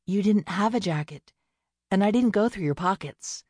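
Voicing a kind, earnest young farm woman who gets tongue-tied when nervous, a woman sounds flustered yet caring. She speaks at normal speed with an expressive, slightly mellow medium pitch, raised a bit above her own voice but still near an everyday tone. There's no room sound in this clean studio recording.

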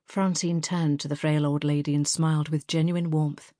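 A woman narrating a novel in a measured, even way. Her voice is low and the recording dry and close. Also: dry recording. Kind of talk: audiobook narration.

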